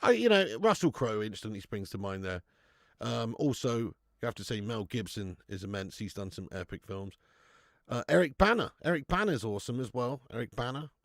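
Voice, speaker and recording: Male stream host, mid-pitched, jokey and bantering, responding to chat, recorded close on a dry mic. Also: animated, fairly quick, no room sound. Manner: jokey, banter-filled, reads out chat comments. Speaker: host of a football watch-along stream. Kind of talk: casual live watch-along chat.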